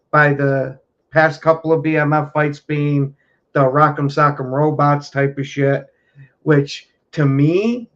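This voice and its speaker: Higher-voiced man with dull lo-fi sound. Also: a bit bright. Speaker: podcast co-host. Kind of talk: casual chat.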